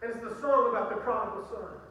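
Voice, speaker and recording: A man preaching a sermon with an impassioned delivery that swells toward a near shout, recorded in a large church. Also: high-pitched, fast. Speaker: pastor. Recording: echoey hall, distant mic, dull sound.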